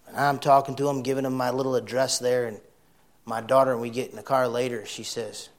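A middle-aged man preaching a sermon, folksy and blunt, swinging from loud shouts to soft, emotional storytelling. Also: medium pitch, little pitch movement, brisk. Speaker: pastor.

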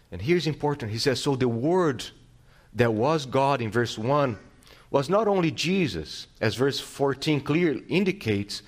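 A man pastor preaching a sermon, teaching with rhetorical questions and restarting phrases, swinging his loudness and pace for emphasis. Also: mid-range voice.

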